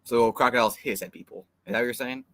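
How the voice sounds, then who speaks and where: A young man co-hosts a fan live stream, rambling through an exasperated story packed with fillers. His voice is medium-pitched and fairly bright, and he talks fast in casual chat.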